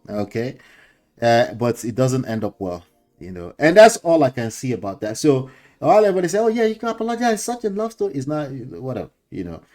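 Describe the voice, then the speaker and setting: Middle-aged Nigerian male host, relaxed preachy commentary with laughs and slang, soft music bed. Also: mid-range voice. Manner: lecturing, chuckling, mixes in pidgin slang. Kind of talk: casual commentary monologue.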